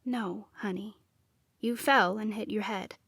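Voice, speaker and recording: A woman's voice: mid-range voice, fairly even intonation, measured pace, fairly bright tone, breathy edge, dry recording. A woman voicing a grave old grandmother witch.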